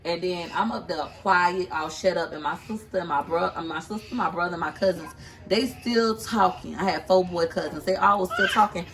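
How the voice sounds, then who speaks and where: A woman's voice: lowish voice, normal speed, fairly bright tone, low-quality recording. A chatty, teasing woman from Tampa, Florida, talking casually to her viewers in a home kitchen while she films on a handheld phone. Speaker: vlogger and mother. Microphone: handheld phone camera.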